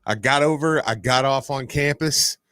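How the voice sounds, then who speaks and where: A man's voice: medium pitch, moderate pace, smooth, no room sound. A man co-hosting a sports radio show, telling a story with lots of laughter. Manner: animated storyteller, laughs often. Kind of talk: casual sports radio chat.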